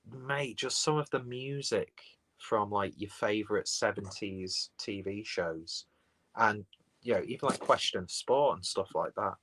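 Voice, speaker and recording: Rambling low-voiced man on a live stream. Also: a little slow, a bit bright, rough recording. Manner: rambling, chatty, reads out viewer comments. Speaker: beer reviewer live-streaming. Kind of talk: casual live-stream chat. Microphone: phone.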